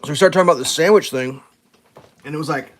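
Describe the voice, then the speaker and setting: A man's voice: fairly high pitch, fast, fairly bright tone. A man on a casual livestream, telling a rambling anecdote full of fillers and restarts. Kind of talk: casual storytelling chat.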